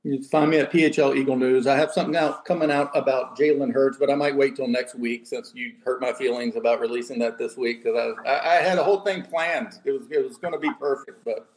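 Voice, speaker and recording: A man's voice: mid-range voice, fairly even intonation, quick pace, few pauses, slight background noise, rough recording. A man on a sports podcast panel, teasing playfully with mock offense. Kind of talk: casual panel chat.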